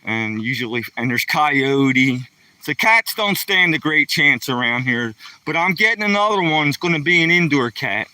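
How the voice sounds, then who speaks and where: A man's voice: fairly high pitch, lively intonation, moderate pace, bright, forceful tone, no echo, recorded from a distance. A man livestreaming casually, rambling in a folksy way and chatting to viewers by name. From Pennsylvania. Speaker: livestreaming vlogger. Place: outdoors by a lake, walking a dog.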